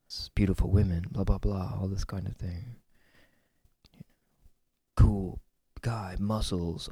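A man giving a meandering, reflective spiritual monologue about a card reading, musing aloud with many pauses and the odd whispered aside, speaking from his own land. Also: deep voice, vocal fry, mellow, slightly rough, no room sound. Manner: meandering and musing, with many fillers and stretched-out words.

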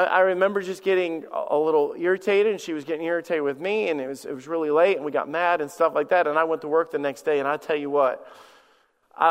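A man's voice: fairly high pitch, fairly bright tone, clean tone, big-room sound. A man in his forties preaching a sermon as pastor, telling personal stories and often repeating words as he starts a sentence. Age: 40s. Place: church sanctuary.

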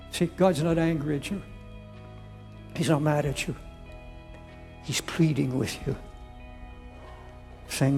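An older man preaching a sermon, pleading slowly and repeating words as he appeals to listeners. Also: on the high side, flat delivery, a little mellow, in a large hall, faint music behind.

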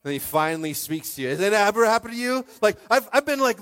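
A male pastor preaches with a fairly high voice. He talks to his congregation like a friend, dropping to a near whisper and then rising to a shout. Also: big pitch swings, fast. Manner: conversational, calls out to congregation, swings from hushed to shouting. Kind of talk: lively sermon.

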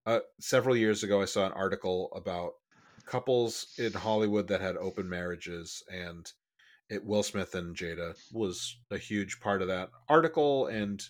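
Rambling, low-voiced male podcast host. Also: normal speed. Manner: rambling, restarts often, bursts of speed. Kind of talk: casual podcast chat.

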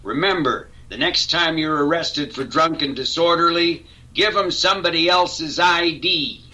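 A man's voice: a little high, a little slow, pushed and bright, pitched above the performer's own voice. A man doing a brash cartoon sailor hero. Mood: mock-earnest. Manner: mock-earnest public service tone.

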